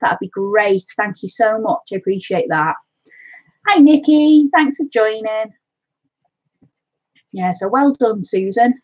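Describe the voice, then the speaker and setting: A woman's voice: mid-range voice, animated, takes it slowly, pauses often, no echo, muffled recording. A woman from North Wales with a Welsh accent hosts a craft live stream, chatting casually and calling her viewers "my love".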